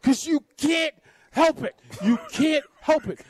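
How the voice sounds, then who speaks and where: A man on a sports radio show, ranting in an animated, sarcastic, exasperated way with vivid comparisons. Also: very high-pitched, takes it slowly. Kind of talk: fired-up sports talk.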